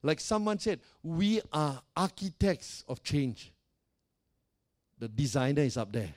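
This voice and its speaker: A man's voice: fairly high pitch, very animated, a little slow. A male pastor preaching a sermon, emphatic and repetitive, putting direct questions to his congregation.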